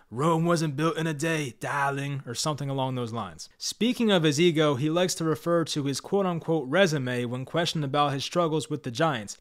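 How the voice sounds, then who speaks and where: A man with a fairly high-pitched voice delivers opinionated sports commentary. He is blunt and frustrated, speaking straight to his viewers as the regular voice of his own channel. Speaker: sports commentator, Giants fan channel host. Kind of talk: opinionated scripted commentary to camera.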